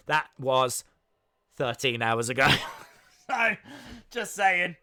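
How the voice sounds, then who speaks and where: A young British man chatting excitedly as he live-streams his reactions to a show. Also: a little high, slow, long pauses. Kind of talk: live watch-along commentary.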